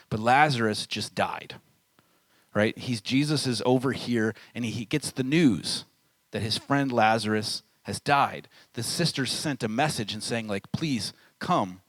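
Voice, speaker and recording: A man in his thirties preaches at a camp, telling the story in a loose, conversational way. His voice sits at an ordinary middle pitch. The sound is dry and close, with almost no room echo. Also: fairly bright tone. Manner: casual storytelling, acts out quoted voices. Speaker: camp speaker. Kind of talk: sermon.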